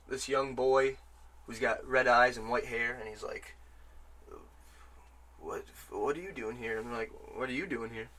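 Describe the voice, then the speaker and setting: A man in casual podcast chat about a video game, rambling and excitable, swearing freely. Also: medium pitch.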